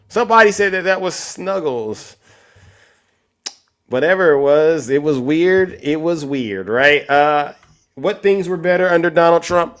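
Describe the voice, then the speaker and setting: This livestream host has a fairly high, fairly bright voice and talks at a normal speed. He fights with callers and addresses his chat and audience in a combative way.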